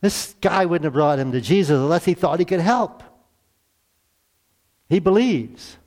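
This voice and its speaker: A middle-aged male pastor delivering a sermon in a relaxed, conversational way. He asks his listeners rhetorical questions, falls into quiet, hushed asides, then lifts his voice for emphatic lines. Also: fairly high pitch, a little slow.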